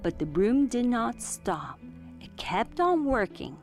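A woman reading a children's storybook aloud in an expressive, clearly enunciated way. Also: fairly high pitch, slow, soft background music. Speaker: storybook reader.

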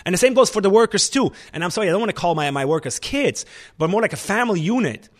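A man, a restaurant chef and owner, talking in an animated, emphatic way in a casual interview. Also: high-pitched, fast.

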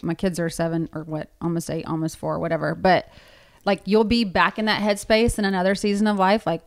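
A woman in her thirties, a podcast co-host, talking in a chatty storytelling way with many fillers. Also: lowish voice. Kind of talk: casual chat.

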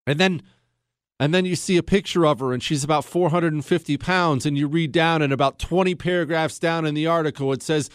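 Sarcastic high-voiced male talk host. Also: brisk, smooth, no room sound, clean studio sound. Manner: indignant and sarcastic, voices mock quotes. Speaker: podcast host. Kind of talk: opinionated political talk.

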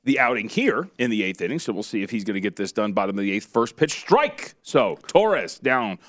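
A man co-hosting a sports betting show, talking stats and calling plays in casual chat. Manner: fast, animated, calls pitches live. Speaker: sports betting analyst, co-host.

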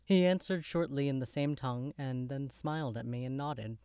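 Man, storyteller, first-person gothic narration, measured literary delivery, middle pitch, dry close recording. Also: mellow, clean tone, no room sound.

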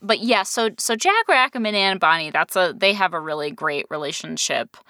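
A woman's voice: lowish voice, expressive, normal speed, bright, forceful tone, dry recording, clean studio sound. A woman co-hosting a casual podcast chat, talking in a chatty, giggly way with many restarts. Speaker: podcast co-host.

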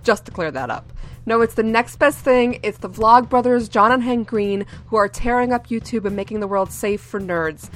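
A woman's voice: on the high side, moderate pace. A woman co-hosting a podcast, giving announcements in a chatty, giggly manner. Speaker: podcast co-host. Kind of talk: casual podcast chat and announcements.

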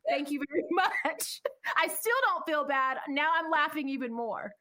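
A woman's voice: high-pitched, moderate pace, sharp tone. A woman co-hosting a podcast, telling a story in casual chat, swearing and laughing as she goes. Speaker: podcast co-host.

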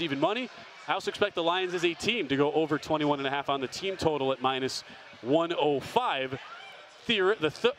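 A man hosting a sports betting show, his voice sitting a bit high as he runs through props and picks in long quick lists. He talks loosely, the way hosts do between segments, with a faint hum of noise underneath. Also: fairly bright tone. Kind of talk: casual betting analysis.

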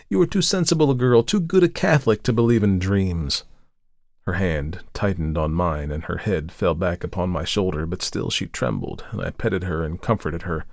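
Deep-voiced man reading a story aloud. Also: creaky, no room sound, studio quality. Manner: lifts his voice for quoted speech, slows for tense moments. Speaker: podcast host reading a story. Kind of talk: dramatic audiobook narration.

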